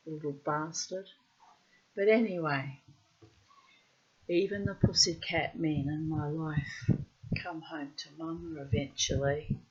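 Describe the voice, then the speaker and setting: This is a middle-aged woman with a fairly low voice. She spins a personal yarn bluntly, swearing freely and loudly acting out every quoted line. The recording is dull and lo-fi. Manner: animated, acts out quotes loudly. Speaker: storyteller. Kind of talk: personal anecdote monologue. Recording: muffled lo-fi recording.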